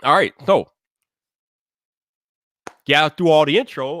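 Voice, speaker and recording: A man hosting a live stream, greeting viewers by name in relaxed slangy casual chat. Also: fairly high pitch, fairly quick, long pauses, no echo, studio quality.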